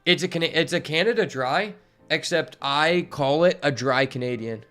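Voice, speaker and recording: Brief: male streamer, slightly high voice, excitable and foul-mouthed, chatting with viewers over faint music. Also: moderate pace. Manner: profane, excitable, talks to chat. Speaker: game streamer. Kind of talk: casual live-stream commentary while playing.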